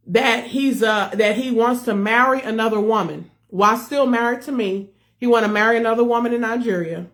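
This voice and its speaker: A woman who leads a ministry, giving an earnest personal testimony to her followers and repeating herself as she speaks to viewers directly. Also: fairly high pitch. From United States. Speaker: ministry leader.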